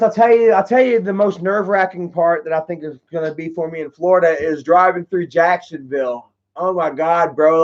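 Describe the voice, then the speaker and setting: A man with a high-pitched voice hosts a casual livestream, rambling through a story with heavy swearing and constant filler. The audio is dull and lo-fi, like a basic stream mic. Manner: rambling, heavy swearing, frequent "you know" and "bro". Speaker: livestream host answering chat.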